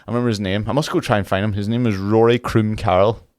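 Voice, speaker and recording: A man's voice: fairly low pitch, fairly even intonation, quick pace, a little mellow. A man from Ireland co-hosting a podcast, chatting casually and animatedly, swearing freely and laughing often. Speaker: podcast co-host. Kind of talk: casual chat.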